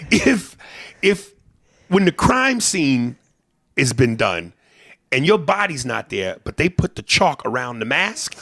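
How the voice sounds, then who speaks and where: A male comedian hosts a casual, profane podcast, his voice gravelly underneath and his pitch swinging widely as he jumps into bits and impressions. The sound is dry and close to the mic with no room sound, and he speaks slowly, pausing often.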